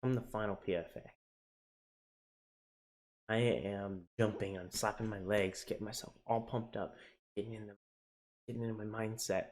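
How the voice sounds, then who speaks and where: A man's voice: lowish voice, moderate pace, pauses often. A young man telling his own story on a casual vlog, candid and emotional, swearing now and then and often restarting his sentences. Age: young adult. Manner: candid and emotional, swinging from quiet to excited. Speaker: navy sailor sharing his journey.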